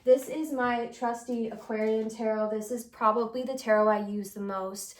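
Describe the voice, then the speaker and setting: A young woman talks casually to her camera, rambling and earnest, with plenty of fillers and little giggles. Her voice sits a bit higher than most women's, and her chat feels confessional. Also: steady tone, moderate pace. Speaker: tarot reader and channel host.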